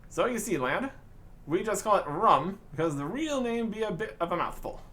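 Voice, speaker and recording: A man's voice: high voice, big pitch swings, moderate pace, sharp tone, full character voice. A man voicing a rambling male pirate who brews rum in a fantasy game, spinning yarns in old-fashioned pirate talk. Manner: storytelling pirate talk, says 'tis and lad.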